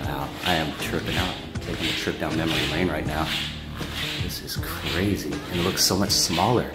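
A man with a very low voice talks casually into a handheld camera as he walks around filming, reminiscing as he goes and sometimes dropping to a hush. Music plays clearly underneath his voice. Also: steady tone, normal speed. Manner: reminiscing, hushed at times. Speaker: vlogger. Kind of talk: casual walking vlog.

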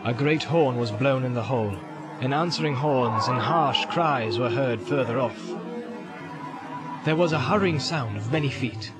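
A man narrating a fantasy audiobook in a steady, dramatic storytelling manner. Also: mid-range voice, measured pace. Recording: loud music under the voice.

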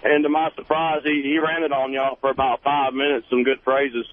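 A man's voice: medium pitch, level tone, normal speed. A man from South Carolina, calling into a radio show, polite and folksy. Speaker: caller. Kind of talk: phone call to radio show. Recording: tinny phone line with faint hiss.

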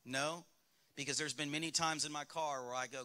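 A man's voice: on the high side, fairly even intonation, fairly quick, bright, forceful tone. A male pastor with a Southern US accent preaching a sermon in a church, speaking candidly and asking the congregation rhetorical questions. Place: church sanctuary.

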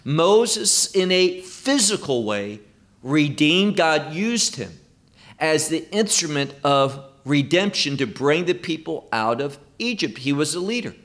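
Slow, emphatic male Bible teacher. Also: on the high side, big pitch swings, a bit bright. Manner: slow, emphatic, quoting scripture verse by verse.

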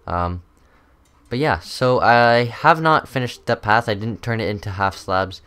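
A man's voice: on the low side, measured pace, a bit bright, clean tone. Rambling young man narrating gameplay. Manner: rambling, chatty, many ums and uhs. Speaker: gaming channel host. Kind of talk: casual gameplay commentary.

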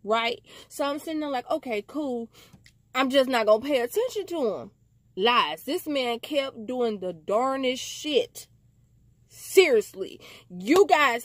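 A woman telling a casual storytime to camera, animated and slangy, talking straight to her viewers. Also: sits high, no room sound. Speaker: storytime vlogger.

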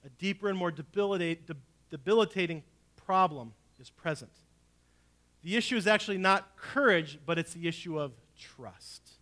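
A man preaching a sermon as pastor, telling a family story and swinging between hushed, low lines and loud, urgent ones. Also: normal speed.

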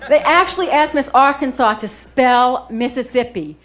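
A woman hosting a comedy club, telling quick jokes in a brassy manner before introducing the next comic. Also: high voice. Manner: brassy, quick joke-telling then big build-up introduction. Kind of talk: stand-up emcee patter. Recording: comedy club, crowd laughter and noise.

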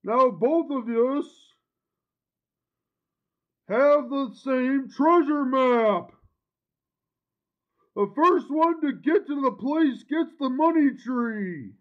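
A panicky wizard pleads in a high, whiny voice, as a man puts him on. He speaks slowly and his pitch jumps around. The sound is muffled and lo-fi. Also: lively intonation, full character voice. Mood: pleading.

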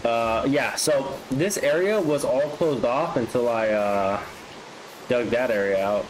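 A man casually commenting on his own gameplay, chatty and easily excited. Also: medium pitch, slow, slight background noise, low-quality recording. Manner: excitable, flares up into frustrated outbursts. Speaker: gaming vlogger.

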